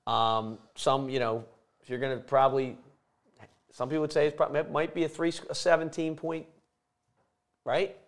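A man who is a football coach breaks down an upcoming game as a co-host. He talks casually and thinks out loud, laughing easily, in a voice of middle pitch. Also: little pitch movement, normal speed, long pauses. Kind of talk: sports talk analysis.

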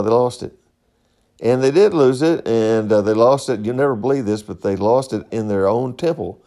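A man's voice: on the low side, creaky, warm tone. Folksy joking man hosting a podcast. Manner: folksy, joking, laughs at own stories. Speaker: podcast host. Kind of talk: rambling casual monologue.

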